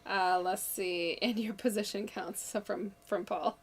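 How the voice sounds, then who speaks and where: A woman's voice: medium pitch, steady tone, unhurried, breathy edge. A woman co-hosting a casual livestream, reading out comments and laughing often. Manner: giggly, reads comments aloud.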